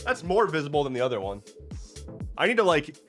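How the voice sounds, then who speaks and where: A man chatting casually on a live stream from a home webcam setup. His pitch swings widely as he reads viewer messages aloud and answers with loose, self-mocking jokes, often restarting his sentences. Faint music plays behind him. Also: sing-song, fairly quick. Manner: rambling, joking, with many restarts. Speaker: live streamer reading chat.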